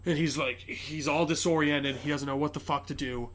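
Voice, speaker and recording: Rambling, bright-voiced podcast man. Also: fairly high pitch, fairly even intonation, moderate pace, a little hiss or hum. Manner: rambling, many fillers and swearing, quotes characters. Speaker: podcast host. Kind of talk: casual chat, retelling a movie plot.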